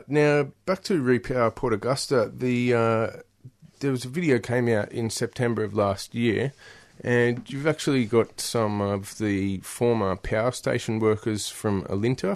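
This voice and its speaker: A male radio host asks questions slowly and carefully. His voice sits slightly low, and he fills pauses with "uh". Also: gravelly. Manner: measured, hesitant with filler "uh". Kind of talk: interview questions.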